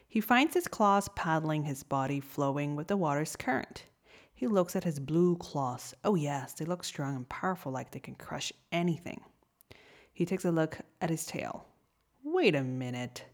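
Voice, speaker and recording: Low-voiced woman reading a story. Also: lively intonation, normal speed. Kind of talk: storybook narration.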